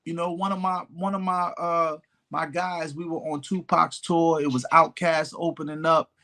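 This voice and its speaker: This rapper-turned-elected-official in his fifties talks at normal speed with a voice on the high side. Appearing on a podcast, he tells stories in a relaxed interview and brings quoted people to life by performing their voices.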